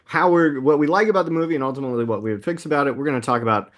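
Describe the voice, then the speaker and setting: A man in his thirties co-hosting a casual movie podcast, upbeat and laughing often as he recaps the plot at a quick clip. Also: mid-range voice, fairly bright tone. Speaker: podcast co-host.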